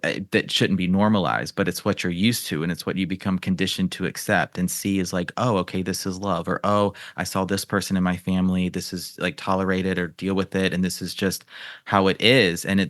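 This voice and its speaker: A man's voice: deep voice, steady tone, brisk, fairly bright tone, no room sound, clean studio sound. A man hosting a podcast interview, asking long, rambling questions with lots of fillers. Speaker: podcast host. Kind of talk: casual interview chat.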